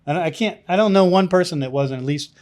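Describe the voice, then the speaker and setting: A man's voice: high-pitched, fairly quick, darkish tone. A man co-hosting a podcast, rambling through his points with many restarts. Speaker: podcast co-host. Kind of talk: casual chat.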